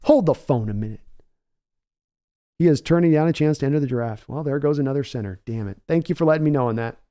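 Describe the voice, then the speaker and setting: Mellow-voiced man hosting a sports chat. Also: a little high, very fast. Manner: conversational, reads viewer comments aloud and answers them. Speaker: podcast host reading chat. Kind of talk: casual live-stream chat.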